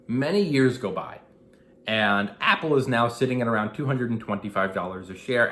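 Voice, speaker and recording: A man in his thirties tells a personal investing story in a casual, animated way, slipping into the voices of the people in it. His pitch sits in an ordinary middle range for a man. The room gives his voice a clear echo. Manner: animated, acts out quoted dialogue. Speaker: investing vlogger. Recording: echoey room.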